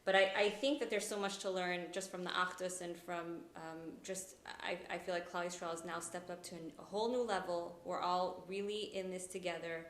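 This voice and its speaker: A woman podcast host telling a story in an emotional, soft-spoken way in a conversational interview. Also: on the low side, little pitch movement, normal speed, few pauses, slight background noise. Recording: echoey room with faint ambience.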